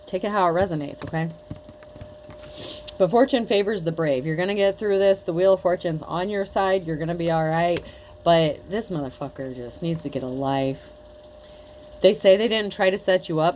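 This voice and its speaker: A woman with a lowish voice giving a tarot reading in a loose, chatty way. She is blunt and mocking and swears freely, with a faint hum of room noise behind her. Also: a little mellow. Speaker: tarot reader. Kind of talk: casual tarot reading to camera.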